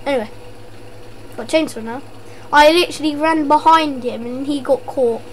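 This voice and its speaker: A woman's voice: sits high, normal speed. A woman with a worn-out voice, casually commenting on a game she is playing, joking and yelping when startled. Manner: jokey, yelps and shouts at scares. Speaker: gameplay commentator. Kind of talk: casual let's-play commentary.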